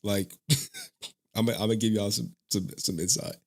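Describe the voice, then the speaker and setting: A man's voice: on the low side, expressive, a little slow, breathy edge. A man hosting a casual live stream who talks to his chat in a loose, rambling way and laughs often. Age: adult father of a young child.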